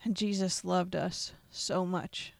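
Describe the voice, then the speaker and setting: A podcast host making an emotional, earnest gospel appeal in a preacherly way, with pauses and repetition. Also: mid-range voice, level tone, gravelly, dry recording.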